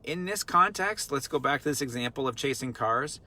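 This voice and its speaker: A man's voice: mid-range voice, expressive, moderate pace, sharp tone. A man working as a dog trainer, explaining in a casual teaching talk, earnest and repetitive, full of rhetorical questions. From Vermont.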